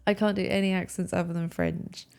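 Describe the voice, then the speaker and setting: A woman streamer narrating and organizing a murder mystery game in a brisk, casual way. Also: lowish voice, big pitch swings, creaky, darkish tone, clear, resonant tone. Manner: brisk, organizing, laughs often.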